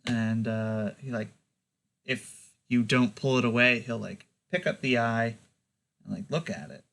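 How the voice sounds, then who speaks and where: Brief: male game master, casual, halting with many fillers, mid-pitched voice. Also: creaky, fairly bright tone. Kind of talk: narrating a tabletop game.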